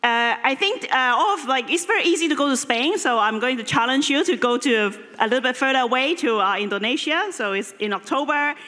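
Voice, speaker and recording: Bright-voiced woman rambling in a hall. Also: high voice, expressive, fairly quick, hardly any pauses. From Hong Kong. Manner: rambling, hesitant, playful. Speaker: conference speaker. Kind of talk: lightning talk announcement. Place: large conference hall. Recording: reverberant hall.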